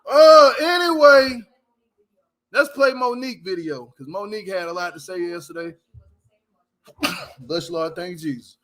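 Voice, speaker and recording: A man's voice: high voice, normal speed, long pauses, bright, forceful tone. A man hosting a casual commentary show, ranting bluntly and with a lot of swearing while speaking straight to his viewers. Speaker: commentary channel host.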